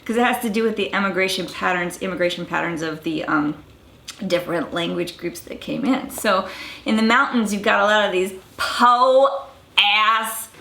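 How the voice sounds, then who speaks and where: Bright-voiced Southern woman explaining dialects. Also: mid-range voice, normal speed, vocal fry. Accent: Southern American. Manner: informal, many fillers and restarts, blunt asides. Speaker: dialect researcher. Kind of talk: casual explanation to camera. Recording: echoey room.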